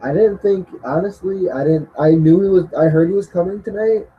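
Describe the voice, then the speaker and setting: A man's voice: sits high, a little fast, dull audio, a little hiss or hum. A man reviewing a wrestling show in casual chat, often acting out quotes in a mocking voice.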